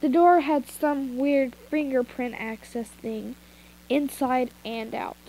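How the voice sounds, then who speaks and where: A woman's voice: high voice, fairly even intonation, slow pace, mellow, low-quality recording. A woman reading fanfiction aloud in an informal way, breaking off for asides and retakes, recorded on a phone. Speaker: fanfiction reader. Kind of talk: amateur story reading.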